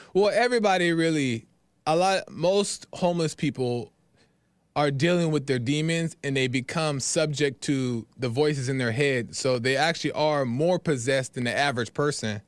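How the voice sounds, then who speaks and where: A man's voice: medium pitch, moderate pace, no echo. A man hosting a podcast, telling a personal story in a loose, casual monologue full of fillers and asides. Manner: loose, repetitive, talks in fillers and "right?". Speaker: podcast host.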